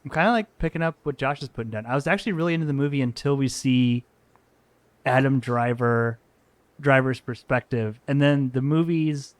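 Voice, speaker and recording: A man's voice: medium pitch, no room sound. A man co-hosting a movie podcast in casual chat, loose and swearing, laughing between remarks. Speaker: podcast co-host.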